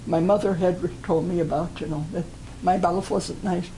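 An older woman giving a personal testimony at a church gathering, telling her story in an earnest, deliberate way. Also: lowish voice, fairly even intonation, warm tone, low-quality recording.

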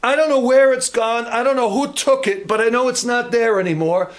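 A man's voice: very high voice, a little fast. A man preaching a sermon in church, emphatic and questioning his congregation.

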